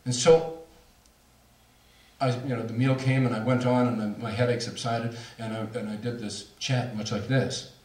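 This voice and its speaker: A man's voice: medium pitch, little pitch movement, normal speed, darkish tone. A middle-aged man speaking to an audience, telling a personal story in a candid, self-mocking way with laughs. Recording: roomy hall, voice from far off.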